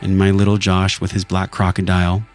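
Male podcast host, deep voice, reflective heartfelt storytelling over faint music. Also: monotone, a little fast. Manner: earnest, emotional, reflective. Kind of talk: personal storytelling monologue.

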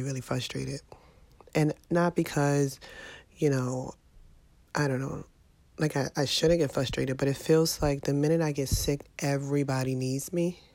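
A woman's voice: extremely low pitch, darkish tone, no room sound. A middle-aged woman with a sinus infection, venting to her viewers in a casual, exasperated vlog monologue. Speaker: vlogger.

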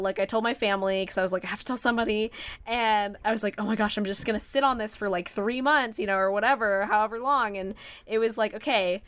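A young woman podcast host telling a story in casual chat, animated and full of fillers, acting out her own excited reactions. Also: mid-range voice, smooth, no room sound. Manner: animated, quotes herself in excited voices, many fillers.

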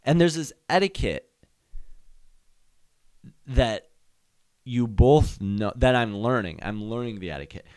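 A young man hosts his own show, riffing through comic stories and jumping into voices and sound effects. His pitch swings widely as he talks. The sound is dry and close, with no room around it. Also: lively intonation, slow pace, pauses often, a little mellow, clear, resonant tone, no echo. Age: young adult. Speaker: podcast host. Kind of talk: comedic solo storytelling.

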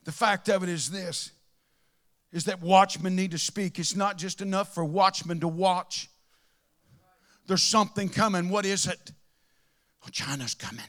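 Male preacher, high and bright-voiced, passionate sermon delivery with shouted peaks. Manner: impassioned, shouting at peaks, then dropping to a murmur.

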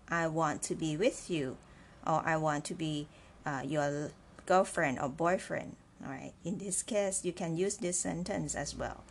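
A woman teaching a beginner language lesson, speaking slowly and patiently, repeating words and checking in with "right?". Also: lowish voice. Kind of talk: slow, clear classroom lesson.

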